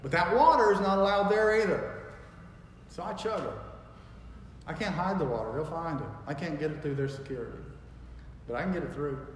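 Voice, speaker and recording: A man's voice: a little high, fairly quick, long pauses, slight background noise. Man preaching in an echoey hall. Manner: emphatic preaching with wide swings in loudness; folksy storytelling. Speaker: pastor. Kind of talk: sermon. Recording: echoey hall with long reverb.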